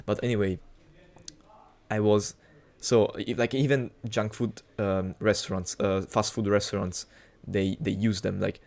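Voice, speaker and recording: A man's voice: lowish voice, steady tone, unhurried, creaky, darkish tone. Rambling young man. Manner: rambling, profane, many restarts and fillers. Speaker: cooking vlogger. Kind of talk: casual storytelling monologue.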